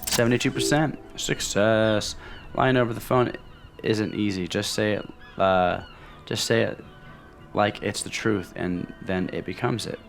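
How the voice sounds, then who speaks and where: A man's voice: lowish voice, creaky. A man casually commenting on a video game as he plays, reading its dialogue aloud between offhand remarks. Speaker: let's play host.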